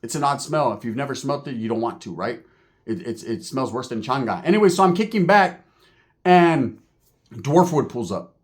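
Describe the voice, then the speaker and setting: A man telling a story in a casual, animated and profane streetwise way. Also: medium pitch, moderate pace.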